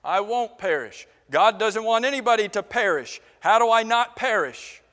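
High-voiced preacher in a reverberant church. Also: male voice, expressive, normal speed, sharp tone. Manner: asks the congregation questions, repeats words for emphasis. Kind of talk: interactive sermon. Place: church sanctuary.

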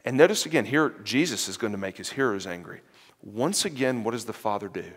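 A man giving an animated sermon-style lecture, retelling a parable and voicing its characters, with fillers and restarts. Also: lowish voice, brisk, breathy edge. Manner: animated, acts out the parable's characters in quoted voices. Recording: long hall reverb.

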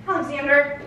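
A woman in her twenties with a fairly high voice talks to the camera in a casual vlog. She is excitable and gushing, and her talk is full of fillers. The sound bounces around an echoey apartment room. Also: muffled recording, noisy background. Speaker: lifestyle vlogger. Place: apartment, indoors.

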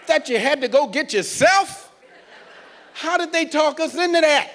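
Man, stand-up comedian, high-pitched, animated, stage set with faint ambience. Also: a little slow, a little hiss or hum. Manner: animated, acts out characters, laughs along. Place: cruise ship theater stage.

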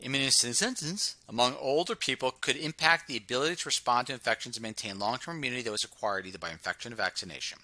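A man hosting a video, reading a research paper aloud and commenting on it, stumbling and repeating words, sometimes slowing down to stress a phrase. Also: medium pitch, bright, forceful tone, no room sound. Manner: reads passages aloud with frequent stumbles and asides; slows down to stress key phrases. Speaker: channel host reviewing research.

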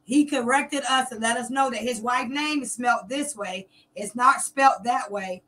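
Middle-aged woman, confrontational vlogger, bright and punchy tone. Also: on the high side, moderate pace. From Columbus, Georgia, US. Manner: confrontational and defiant, taunting. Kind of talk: direct-to-camera rant.

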